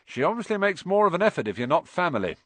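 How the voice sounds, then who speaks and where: A man voicing a boisterous, teasing teenage boy in a storybook reading, loud and cheeky. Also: high-pitched, big pitch swings, quick pace, dry recording, voice pushed up, full character voice.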